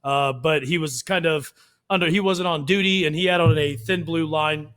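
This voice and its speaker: Chatty man telling animated stories. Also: a little high, moderate pace. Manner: animated storyteller, acts out quotes in raised voices. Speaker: podcast co-host. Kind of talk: casual chat.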